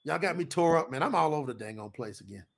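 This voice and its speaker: Preacher, man in his 50s, high-pitched and lively, folksy, repeats himself for emphasis. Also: quick pace. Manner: animated, folksy, repetitive. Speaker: preacher and co-host. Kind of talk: preaching talk to an audience.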